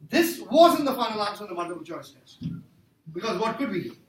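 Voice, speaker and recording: Brisk and sing-song, this man's voice sits high as he lectures a math class, joking around and quizzing students on the problems he works. The recording comes from far away in an echoey room, with faint background noise.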